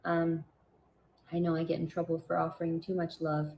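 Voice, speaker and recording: A woman with a low, mellow voice tells a personal story in a casual vlog. Her delivery stays fairly flat and level as she drifts between tangents. She talks earnestly and rambles, with many fillers and false starts. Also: normal speed, slight background noise, low-quality recording. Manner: earnest and religious. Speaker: vlogger.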